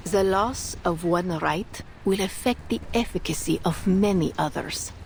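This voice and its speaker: A woman voicing a cold, fanatical female Ritualist officer who speaks with calm, chilling devotion in a game. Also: fairly low pitch, measured pace, a little hiss or hum. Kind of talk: game voice acting.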